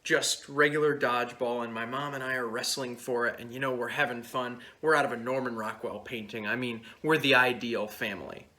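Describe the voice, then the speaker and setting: Brief: late-teen male, bright tone, dry rambling anecdotes. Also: mid-range voice, steady tone, brisk, few pauses. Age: late teens. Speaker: talent show performer. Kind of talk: stand-up storytelling.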